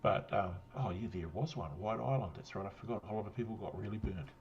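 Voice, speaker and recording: A man's voice: on the low side, fairly even intonation, fast, dull audio, a little hiss or hum. A man with a New Zealand accent chatting casually on a stream, rambling, swearing and laughing often after a drink. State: had a drink. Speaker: guest on a livestream. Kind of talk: casual chat.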